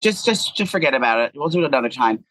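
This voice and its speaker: A man co-hosting a podcast in casual chat, animated and rambling with crude humor. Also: medium pitch, fast, rough recording. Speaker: podcast co-host.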